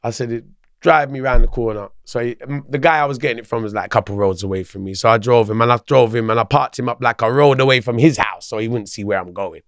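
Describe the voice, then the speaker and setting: Gravelly London man telling a story. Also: medium pitch, fast, hardly any pauses, no room sound, studio quality. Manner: animated, swearing, slangy. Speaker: podcast guest. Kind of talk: casual storytelling.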